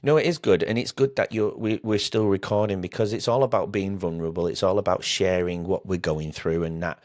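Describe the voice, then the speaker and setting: A man's voice: low voice, fairly even intonation, brisk, darkish tone. A man hosting a podcast interview, chatty and rambling with frequent restarts. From England. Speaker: podcast host.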